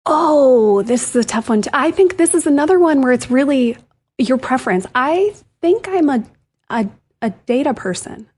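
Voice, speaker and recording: A woman's voice: high voice, animated, normal speed, a little mellow, slightly rough. A woman co-hosting a tech show, chatting animatedly and giggling often. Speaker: co-host. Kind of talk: casual chat.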